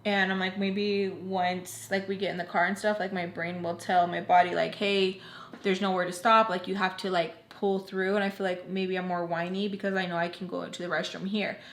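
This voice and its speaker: A young woman telling a personal story to her viewers in a loose, chatty way, full of "like" and quick quoted lines from others. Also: fairly low pitch, level tone. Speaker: storytime vlogger. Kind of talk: casual storytelling. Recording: echoey room.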